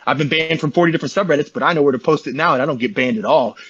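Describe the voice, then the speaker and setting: Fast, husky man telling a story. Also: on the high side, a bit bright, highs cut off. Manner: rambling, slangy, calls listeners bro. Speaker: interview guest, online community founder. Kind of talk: casual conversational storytelling.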